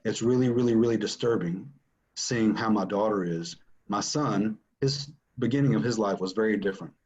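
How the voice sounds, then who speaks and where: In a muffled recording, a man with a lowish, darkish voice recounts his family's story as a father. He speaks at a moderate pace, earnest and emphatic, repeating himself to drive points home in this personal testimony.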